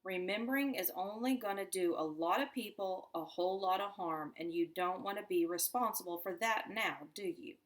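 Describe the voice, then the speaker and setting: A woman's voice: medium pitch, normal speed, few pauses, lightly acted. A woman voicing a gangly male security guard who barks threats at children in a storybook reading. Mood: menacing. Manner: barking, threatening.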